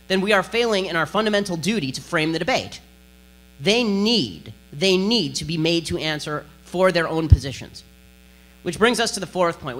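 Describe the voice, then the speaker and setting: A man giving a combative, sarcastic political speech to an audience, talking in a rapid-fire way. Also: on the high side, pushed and bright. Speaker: political speaker giving a lecture.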